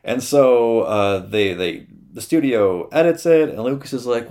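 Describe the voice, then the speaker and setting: A young man telling a story the casual podcast way, loose and profane, peppering his lines with "uh". His voice sits at an ordinary middle pitch, and he keeps things lively with animated retellings. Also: unhurried, hardly any pauses.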